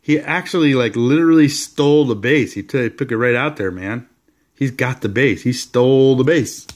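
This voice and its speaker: A man in the middle of his pitch range talks loosely through a stack of sports cards in a home vlog. He drifts between relaxed commentary and bursts of enthusiasm, with rambling asides. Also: normal speed. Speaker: card collector showing his collection. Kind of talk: casual card-showing vlog.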